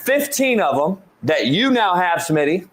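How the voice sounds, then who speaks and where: A middle-aged man hosting a sports talk show, telling a story in a casual, animated way, swearing often and stumbling over repeated words. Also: high-pitched, measured pace. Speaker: show host, football coach.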